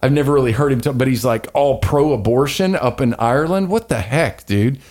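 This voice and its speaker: A man talking in loose, opinionated podcast chat, rambling from point to point and tossing in slangy asides. His voice sits at a middle pitch, and his delivery is animated. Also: fairly quick. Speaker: podcast host.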